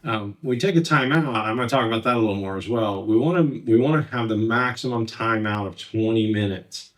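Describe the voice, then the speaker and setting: A man's voice: fairly low pitch, fairly quick, far from the mic. A man working as a counselor, teaching from slides in a plain conversational way, with frequent fillers and restarts. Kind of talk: slide-based lecture.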